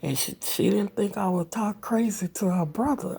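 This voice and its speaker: A woman's voice: mid-range voice, normal speed, vocal fry, mellow, slightly rough. A woman in her late forties talking casually to her viewers in a personal vlog, rambling with many fillers and dropping into whispered asides. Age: 40s. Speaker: vlogger.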